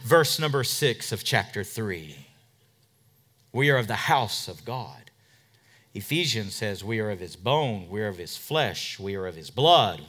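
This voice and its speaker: A man pastor preaching a sermon, emphatic, swinging from loud declarations to hushed asides and asking rhetorical questions. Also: medium pitch. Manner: asks the congregation rhetorical questions.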